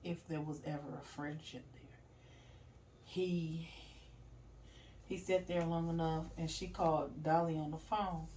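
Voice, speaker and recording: A middle-aged woman casually telling a story, animated, laughing and swearing as she goes. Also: low-pitched, unhurried, long pauses, distant mic, a little hiss or hum.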